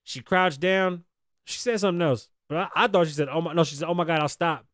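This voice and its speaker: A man with a somewhat high voice hosts a podcast and talks through a news story in blunt, indignant commentary. He swears freely and acts out the quoted dialogue. The sound is dry and close. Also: fairly quick, a bit bright, dry recording. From Las Vegas. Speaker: podcast host.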